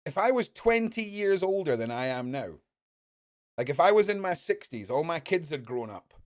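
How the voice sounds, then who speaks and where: A man in his forties hosting a podcast, delivering an angry, profane opinion monologue that swings between low muttering and loud outbursts. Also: very animated, normal speed, no echo, studio quality. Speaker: podcast host.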